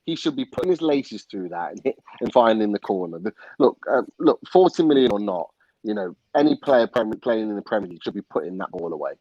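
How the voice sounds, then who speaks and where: A man's voice: lowish voice, very animated, fast talker, a little mellow, no room sound, muffled recording. A man on a video call, calling the play and bluntly judging it on a live football stream. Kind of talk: casual football chat and play-by-play.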